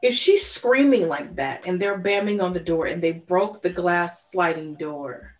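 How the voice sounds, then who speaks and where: Woman, low-ish voice, podcast co-host, animated true-crime storyteller. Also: unhurried.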